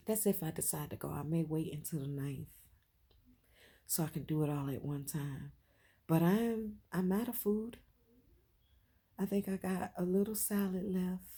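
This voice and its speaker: Low husky woman talking from the heart. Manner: heartfelt, swings from quiet to loud and emphatic, repeats phrases. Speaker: vlogger. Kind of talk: emotional personal vlog.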